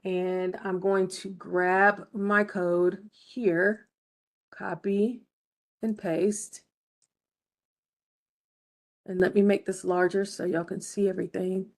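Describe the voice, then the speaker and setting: A woman walks her students through a game design lesson one step at a time. She is patient and clear, and often pauses to ask whether everyone is following. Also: mid-range voice, little pitch movement. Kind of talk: recorded screen-share lesson.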